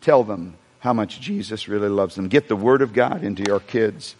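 In a church sanctuary, a male pastor with a lowish voice preaches at a normal pace. His sermon is animated, peppered with humor and questions and asides to the congregation, all under long hall reverb.

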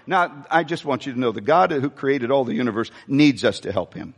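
A pastor preaching a sermon, animated and repeating his phrases, asking the congregation questions as he goes. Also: mid-range voice, fairly quick. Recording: reverberant church hall.

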